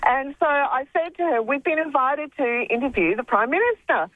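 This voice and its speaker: Aussie woman, 50s, phone caller, slightly high, hesitant storyteller. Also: lively intonation, normal speed, no room sound. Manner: hesitant, many "um"s. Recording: tinny phone line.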